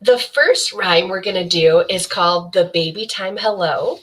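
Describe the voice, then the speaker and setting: A young adult woman librarian leading a baby rhyme session, explaining each rhyme in a slow sing-song way. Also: on the low side, a bit bright. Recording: voice from some distance off the mic.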